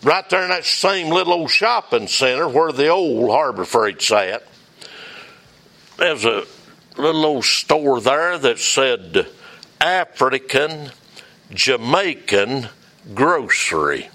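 Man, revival preacher, folksy storytelling, very lively pitch, unhurried. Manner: folksy, chuckling, addresses listeners by name.

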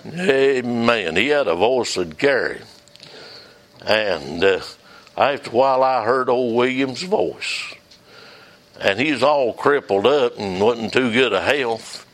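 A man's voice: mid-range voice, animated, slow, a bit bright. A man, a revival preacher telling a folksy story from the pulpit and calling on listeners by name.

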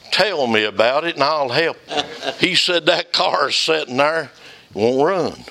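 A man's voice: medium pitch, gravelly, a bit bright. An older man preaching a fervent, folksy sermon in a church, calling out members of the congregation by name.

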